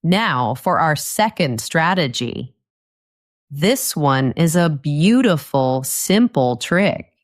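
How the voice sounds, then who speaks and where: A woman narrates an English lesson in a lowish voice with a lot of movement in her pitch. She keeps her sentences short and simple and comes back to the key phrases. Her pace stays slow and unhurried. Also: lively intonation. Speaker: English teacher.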